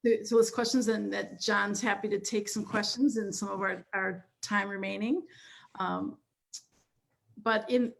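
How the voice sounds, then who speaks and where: A woman's voice: mid-range voice, steady tone, a little slow, creaky. A woman hosting an online alumni talk, reflecting on students and taking audience questions over a video call. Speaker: host. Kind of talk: webinar moderating.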